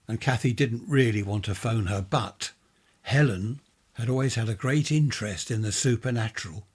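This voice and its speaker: A man narrating a ghost story in a measured, steady way. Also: on the low side, breathy edge.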